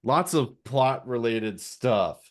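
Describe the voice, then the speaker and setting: A man's voice: medium pitch, expressive, slow pace. A sleepy man co-hosting a casual comedy podcast, rambling and self-deprecating, tripping over his words. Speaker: co-host.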